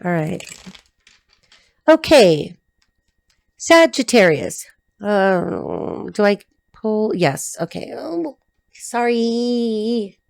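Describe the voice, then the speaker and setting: A woman giving a tarot reading, talking in a blunt, rapid, repetitive stream of consciousness. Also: mid-range voice, very animated, vocal fry, no room sound. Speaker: tarot reader.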